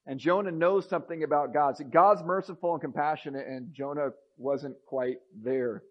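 A man preaching a sermon, reading scripture aloud and swinging between a near hush and raised emphasis. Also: a little high, moderate pace, muffled recording. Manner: expressive, rising and dropping to a near hush.

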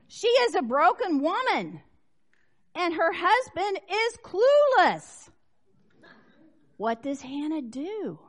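A woman preaches a sermon with a high voice. Her pitch rises and falls a great deal. She tells the story expressively, shifting from loud emphasis to hushed asides. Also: big pitch swings, slow pace.

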